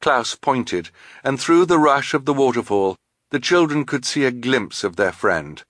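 A man reading a children's novel aloud in a measured storytelling manner. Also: medium pitch, lively intonation, a bit bright, no echo, clean studio sound. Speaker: audiobook narrator. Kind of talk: scripted narration.

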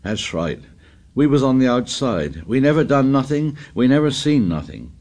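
A man doing a shrill, anxious schoolboy. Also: very animated, moderate pace, darkish tone. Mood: anxious coaxing. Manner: shrill, insistent, pleading. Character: anxious stubborn plump schoolboy.

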